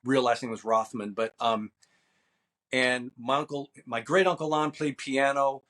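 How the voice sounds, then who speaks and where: A man's voice: medium pitch, steady tone, measured pace, a bit bright. A man in his fifties from New Jersey, an actor and stuntman chatting easily as an interview guest, rambling with fillers. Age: 50s. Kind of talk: casual interview.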